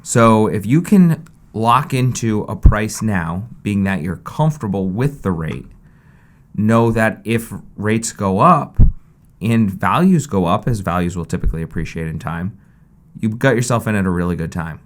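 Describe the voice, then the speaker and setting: Male podcast co-host, slightly low voice, relaxed, practical advice and short agreeing replies. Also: measured pace. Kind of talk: casual podcast chat.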